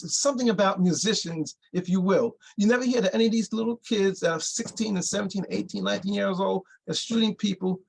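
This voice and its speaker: A man's voice: high-pitched, a little fast, vocal fry, breathy edge, low-quality recording. An older man from New York, a bandleader and guest, explaining things earnestly and at length in an interview. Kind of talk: interview conversation.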